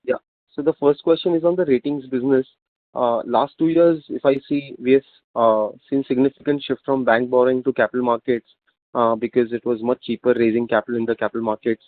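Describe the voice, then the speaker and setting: A man, an analyst, asking a halting question with many fillers. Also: mid-range voice, steady tone, no echo. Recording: tinny phone line.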